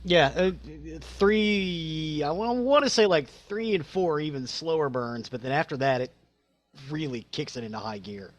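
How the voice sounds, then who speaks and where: A man's voice: on the high side, normal speed, dry recording. A man co-hosting a podcast in casual chat, reacting expressively. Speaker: podcast co-host.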